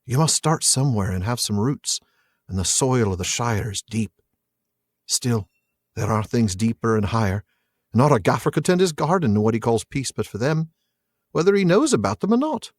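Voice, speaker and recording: A man's voice: medium pitch, very animated, moderate pace, no room sound. A man reading as a pensive young hobbit. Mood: musing. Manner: reflective, wondering. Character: thoughtful young male hobbit, musing. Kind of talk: reading aloud from a novel.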